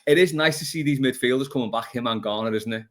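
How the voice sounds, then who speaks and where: A man's voice: medium pitch, quick pace. A man hosting a casual football podcast, reading out listener questions in a chatty, easygoing way.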